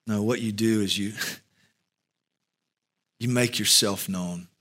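A male pastor giving an earnest sermon and closing prayer, with slow, emphatic pauses. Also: fairly low pitch, fairly even intonation, sharp tone.

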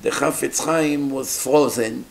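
A man telling stories in an animated sermon, acting out the characters. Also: mid-range voice, a little slow, gravelly. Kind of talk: storytelling sermon.

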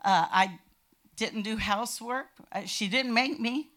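Older woman, bright tone, animated church testimony with shouted peaks. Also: fairly high pitch, measured pace. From California. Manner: animated storytelling, bursts into shouting. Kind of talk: personal testimony.

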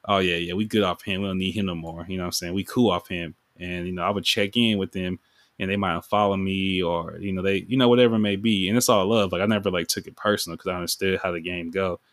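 A man's voice: low voice, fairly even intonation, quick pace, a bit bright, no room sound. A man hosting his own podcast, talking in a rambling, emotional way about his music, with many fillers. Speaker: podcast host and music artist. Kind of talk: casual reflective monologue.

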